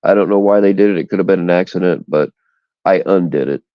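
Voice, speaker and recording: A man's voice: low voice, fast, no echo, dull audio. A man hosting a casual livestream chat, talking bluntly and profanely in indignant rants, recorded on a phone. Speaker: livestream host. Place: outdoors in the cold.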